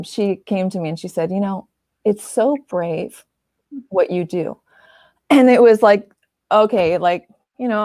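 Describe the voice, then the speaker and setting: Woman artist guest, chatty and animated, laughs a lot, dry close sound. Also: medium pitch, no echo. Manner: animated, laughs often, lots of fillers. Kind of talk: casual conversational chat.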